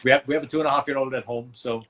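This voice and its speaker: A relaxed, friendly man from India, chatting as a guest on a video call. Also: mid-range voice, rapid-fire, a little hiss or hum. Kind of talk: casual livestream chat.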